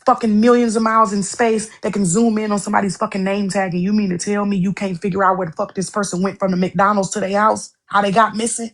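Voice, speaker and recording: A woman's voice: medium pitch, level tone, fast, few pauses. A woman co-hosting a podcast, talking in a heated, profane, repetitive way in casual chat. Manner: heated, profane, repeats herself.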